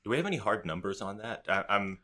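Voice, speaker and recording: Deep-voiced, bright-toned male host. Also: expressive, fast talker. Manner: inquisitive, summarizing. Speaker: podcast host. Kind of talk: conversational podcast interview.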